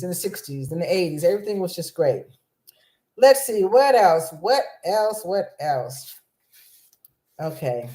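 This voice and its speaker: A woman's voice: lowish voice, a little mellow. A woman in her fifties from Los Angeles, hosting a live video chat, bubbly and scattered, often restarting her sentences. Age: 50s. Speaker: vlog host. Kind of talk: excited rambling livestream chat. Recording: roomy echo.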